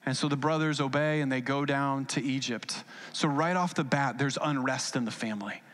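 A male pastor preaching a sermon in a casual, animated storytelling way, with asides to the congregation. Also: medium pitch, moderate pace.

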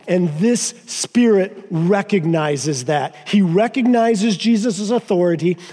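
A man preaching a sermon as pastor, emphatic and slowing down to stress key phrases. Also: sits high, mellow, long reverb tail. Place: church sanctuary.

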